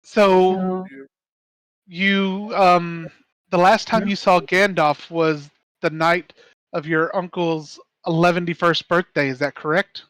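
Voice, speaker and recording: A man playing a male elf who questions others in a measured, polite, probing way. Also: sits high, flat delivery, a bit bright, dry recording, rough recording.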